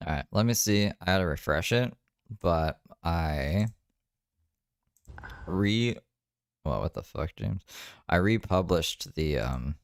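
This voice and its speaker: A man's voice: low-pitched, expressive, slow pace, vocal fry, long pauses, clear, resonant tone, dry recording, studio quality. A man hosting a stream, making wry, rambling comments about a clip he plays. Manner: wry, mocking, rambling asides. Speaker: stream host reacting to a clip. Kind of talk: casual commentary on a played stream.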